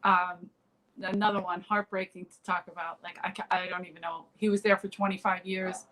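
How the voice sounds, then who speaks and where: A woman's voice: on the low side, flat delivery, brisk, crowd noise, low-quality recording. A woman comedian in a casual interview, telling stories full of fillers and restarts over a remote call. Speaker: comedian guest.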